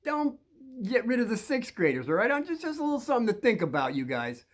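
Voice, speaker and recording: An older man casually telling a childhood story, rambling and animated, with restarts and chuckles. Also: very high-pitched, quick pace.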